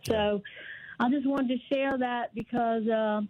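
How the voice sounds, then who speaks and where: A woman's voice: fairly high pitch, steady tone, a little slow, no room sound. Older lady calling a radio show, earnest and a bit ranty, dull dry phone sound. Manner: earnest, rambling, indignant. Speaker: caller. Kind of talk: phone call to a talk show.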